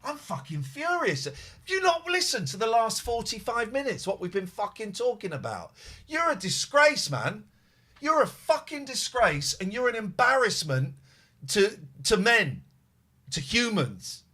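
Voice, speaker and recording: A man's voice: high-pitched, big pitch swings, a little slow, sharp tone. A man hosting a phone-in show from home, ranting furiously, swearing and repeating himself. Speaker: host. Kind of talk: live phone-in show, angry rant.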